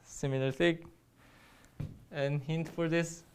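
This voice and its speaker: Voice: mid-range voice, fairly even intonation, clear, resonant tone. Young teacher, quizzing viewers. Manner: hesitant, many pauses, quizzing the viewer. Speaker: Korean language teacher. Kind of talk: recorded online grammar lesson.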